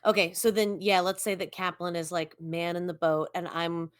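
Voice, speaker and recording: A woman plays in a tabletop game, full of curious questions about what her character can do. Her voice sits on the low side for a woman. The sound is dry and close. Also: flat delivery, moderate pace, no echo. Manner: curious, asking many questions. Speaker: player.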